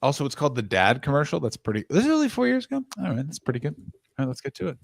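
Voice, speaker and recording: A man's voice: fairly high pitch, huge pitch swings, racing, gravelly. A man hosting a comedy podcast, playful and quizzing his guest in casual chat. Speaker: podcast host.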